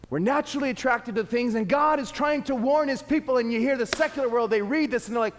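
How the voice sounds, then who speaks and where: A man preaching a sermon, animated and acting out little scenes. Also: very high voice, fast talker, few pauses, big-room sound.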